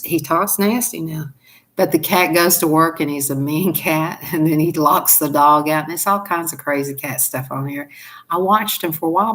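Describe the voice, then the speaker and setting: A woman with a Southern US accent, hosting a casual chat to her viewers, talking chattily, laughing often and acting out little voices. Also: sits low. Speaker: channel host.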